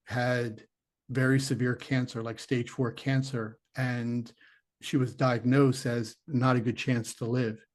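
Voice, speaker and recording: A man's voice: mid-range voice, darkish tone. A middle-aged man, a former detective, telling a long personal story in an earnest, rambling way, acting out his own inner voice. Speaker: interview guest, former police detective turned psychic medium. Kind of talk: conversational storytelling.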